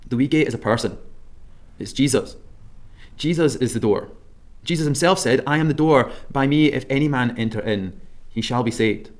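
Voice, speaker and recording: A man with a Scottish accent preaching a sermon, measured and emphatic, slowing down to stress key words. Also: medium pitch, a little mellow.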